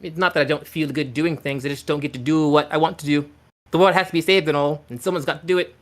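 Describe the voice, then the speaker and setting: A man's voice: a little high, fairly even intonation, fast, natural voice. A man voicing a weary old woman with a world-saving mission, who talks in a dry, matter-of-fact, resigned way. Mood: wry.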